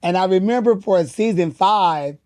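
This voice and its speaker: A man, a drag performer, telling stories in a casual interview, animated and acting out quotes in a raised voice. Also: high voice, moderate pace, no echo, studio quality.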